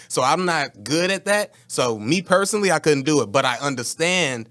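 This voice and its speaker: A man co-hosting a podcast in a relaxed, conversational way. He answers quickly and talks about everyday work in plain terms. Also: fairly high pitch. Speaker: podcast co-host. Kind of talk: casual podcast chat.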